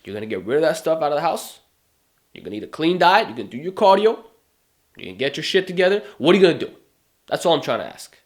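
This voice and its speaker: A man with a fairly high voice delivers a motivational fitness talk straight to camera. He drives his points home with emphatic rhetorical questions and pushes hard on each one. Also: very animated, quick pace. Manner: emphatic, rhetorical questions, mocking put-on whines. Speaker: fitness YouTuber.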